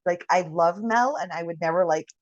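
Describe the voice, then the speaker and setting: A woman co-host in a casual spiritual chat, speaking gently and affectionately, with easy laughter. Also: fairly low pitch, normal speed, no echo, muffled recording.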